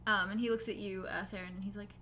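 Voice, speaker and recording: A woman's voice: mid-range voice, fairly even intonation, quick pace, pushed and bright, a little hiss or hum. A young woman narrating a tabletop game as game master, casual, with lots of fillers.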